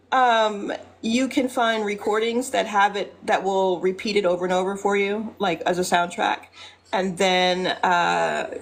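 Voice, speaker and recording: A chatty woman hosts a spiritual live stream, teaching in a relaxed, meandering way with plenty of fillers. Her voice sits at a middling pitch, and now and then she drops into soft mantra recitation. A faint hiss runs under the recording.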